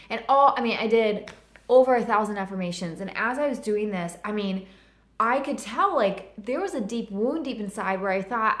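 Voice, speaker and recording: A woman's voice: mid-range voice, expressive, a little fast, roomy sound. A woman in her thirties telling a personal story in a vlog, earnest and heartfelt, with lots of "like". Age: 30s. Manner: earnest and heartfelt, many fillers of "like". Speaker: vlogger.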